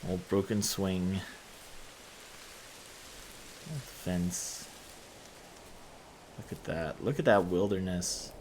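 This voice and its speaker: Man, gaming host, let's-play commentary, soft-spoken, musing, very slow pace, faint background hiss. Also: low voice. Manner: soft-spoken, musing aloud, often trailing into murmurs.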